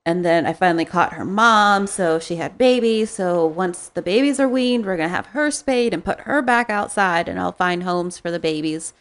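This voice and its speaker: A woman's voice: lowish voice, moderate pace, hardly any pauses. Woman, casual chat, rambling stories, laughs often. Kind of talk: casual chat among friends.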